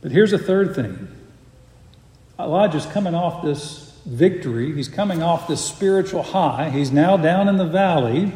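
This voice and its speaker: A man preaching a sermon, reading scripture aloud and explaining it earnestly, sometimes sinking to a soft hush. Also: a little high. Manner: earnest, drops to a soft hush for quiet moments. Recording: echoey hall.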